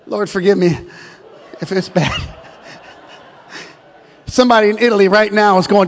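A man's voice: high voice, animated, normal speed, long pauses, in a large hall. A middle-aged male pastor preaching a sermon, telling stories and joking, calling out to the congregation. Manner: storytelling, joking, calls out to the congregation. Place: church sanctuary.

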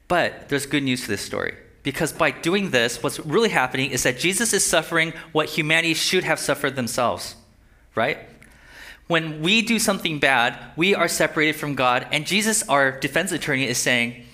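A man delivers a sermon in a fairly high voice. His tone is bright and tense. He speaks conversationally and keeps checking in with his listeners. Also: moderate pace. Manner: conversational, checks in with rhetorical questions. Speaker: pastor.

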